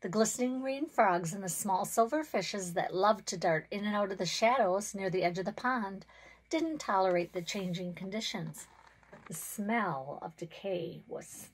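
A woman's voice: medium pitch, husky, poor audio. Give me a woman author reading a children's story aloud. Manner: expressive, measured storytelling.

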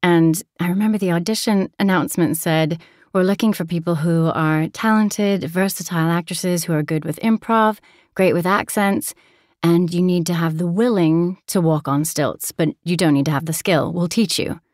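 A woman's voice: fairly low pitch, moderate pace, darkish tone, dry recording, studio quality. A woman from Alaska with an American accent touched by a transatlantic tinge, an audiobook narrator chatting in an interview and laughing easily as she tells stories. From Alaska, USA. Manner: chatty, laughs often, storytelling. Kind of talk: interview conversation.

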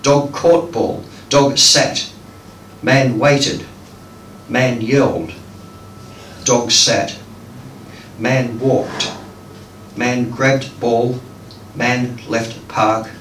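Poet reading live, unhurried and hesitant between pieces, picked up by a far mic in an echoey room. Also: male voice, mid-range voice, fairly even intonation, a bit bright. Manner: slow, hesitant between poems, with many ums. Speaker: poet reading his work. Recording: echoey room, distant mic, faint noise.

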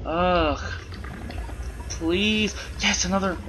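A man's voice: high voice, very slow, noisy background. A man doing goofy, rambling let's play commentary, full of silly wordplay, over game sounds. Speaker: gameplay commentator.

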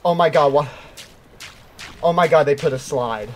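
A man's voice: on the high side, moderate pace. A young man streaming a climbing game, talking to himself and his chat, often yelping when startled. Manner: excitable, yelps and shouts when startled; talks to himself and chat between plays. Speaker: gaming streamer. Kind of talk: live gameplay commentary. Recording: faint background noise.

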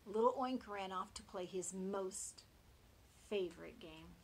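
A woman teacher reading a picture book aloud to young children, expressive and friendly. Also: medium pitch, a little slow, a little hiss or hum.

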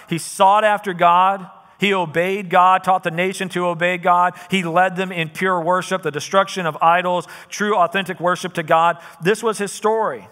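A man preaching a sermon, retelling a scripture story in a lively, casual way with conversational asides. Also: high voice, in a large hall. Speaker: pastor. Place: church auditorium.

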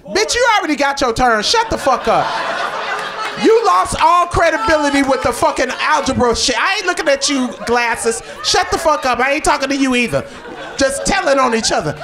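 Brash woman comedian yelling crowd work into a stage mic over a rowdy live audience. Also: high-pitched, animated, normal speed. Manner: brash, profane, shouting at the audience. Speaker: stand-up comedian. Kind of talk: improvised stand-up crowd work. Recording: live club recording, crowd laughter and noise.

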